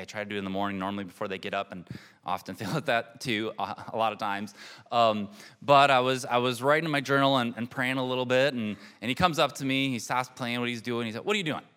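Man, thirties, sermon, earnest, reflective, soft laughs, mid-pitched voice. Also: smooth. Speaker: pastor.

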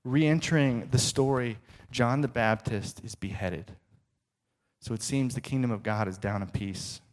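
Male preacher, dramatic storytelling sermon, hushed moments, mid pitch. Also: a little slow. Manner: dramatic storytelling, dropping to soft, hushed tones.

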